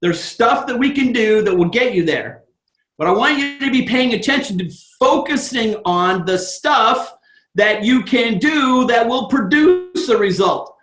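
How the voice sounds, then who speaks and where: A man who trains network marketers gives a motivational talk and tells a story in an animated, fired-up way. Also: very high voice, measured pace, roomy sound, faint music behind, poor audio.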